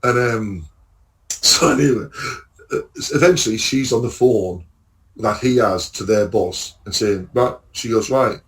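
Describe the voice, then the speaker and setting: With a lowish voice and a measured pace, a middle-aged English lorry driver and podcast co-host spins a lively anecdote for his friends. The casual story is packed with swearing and quotes he performs aloud.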